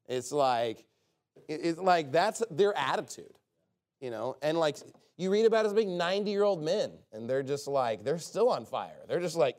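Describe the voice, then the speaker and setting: A preacher giving a loose, off-the-cuff sermon, his voice pitched a little high for a man. He talks in a sarcastic, rambling way and keeps slipping in joking asides. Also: big pitch swings, normal speed, darkish tone. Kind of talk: informal sermon.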